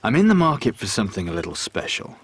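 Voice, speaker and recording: An actor playing a blunt, impatient pirate captain in a video game. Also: male voice, lowish voice, huge pitch swings, fast talker, husky, full character voice. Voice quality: curt, dry-witted.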